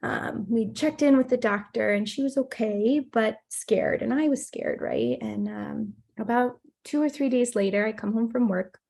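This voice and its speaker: Woman, play therapist, gravelly, higher voice, animated podcast storytelling. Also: normal speed, hardly any pauses. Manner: animated storytelling, acts out quotes.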